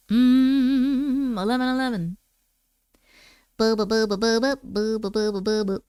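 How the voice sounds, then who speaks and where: Woman livestream host, playful and chatty with casual swearing, slightly high voice, dry close sound. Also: fairly even intonation, measured pace, pauses often, warm tone, smooth, no echo. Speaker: livestream host reading viewer stories. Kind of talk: casual live chat and story reading.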